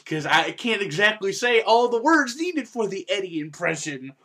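A man hosting a casual podcast review, chatty and quick to laugh, sometimes breaking into loud silly impressions. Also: sits high, sing-song. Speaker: podcast host reviewing an anime.

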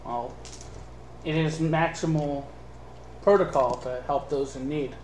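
A man playing Optimus Prime, a noble male robot leader, and speaking in a measured, formal way. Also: a little high, fairly even intonation, a little mellow, slight background noise, voice pushed down. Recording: roomy echo.

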